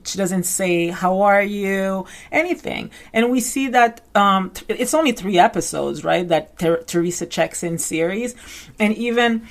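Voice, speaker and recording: Chatty woman recapping reality TV. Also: on the low side. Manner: chatty, many "like" fillers, acts out quotes. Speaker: reality TV commentary host. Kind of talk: casual recap commentary.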